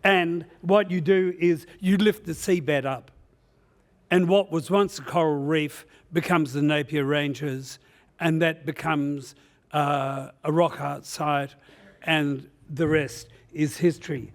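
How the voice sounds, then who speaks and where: In a conference session room, a man gives a humorous, rambling presentation packed with "uh" fillers. His voice is fairly high-pitched, with fairly even intonation and a slow pace.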